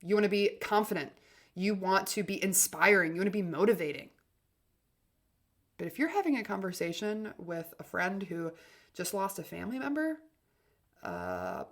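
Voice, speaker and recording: A woman hosts a self-help podcast in a casual, coaching tone. She speaks with emphatic energy and often restarts a phrase. Her loudness rises and falls for effect. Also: fairly low pitch, lively intonation, moderate pace, creaky. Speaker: podcast host.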